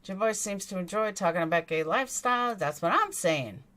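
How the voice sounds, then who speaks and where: Animated and brisk, a woman with a medium, slightly bright voice and a New York accent reads her true crime livestream chat aloud. She fires back bluntly and indignantly, cursing freely.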